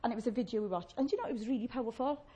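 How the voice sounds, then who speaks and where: A woman's voice: fairly high pitch, rapid-fire, mellow, husky. A woman preaching a chatty, humorous sermon, acting out little voices of complainers.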